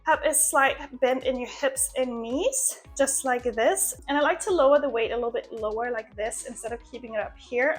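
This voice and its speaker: Chatty young woman coaching a workout. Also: on the high side. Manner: explains exercises step by step, chatty. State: out of breath at the end. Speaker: fitness creator. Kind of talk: workout instruction vlog. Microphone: small new mic.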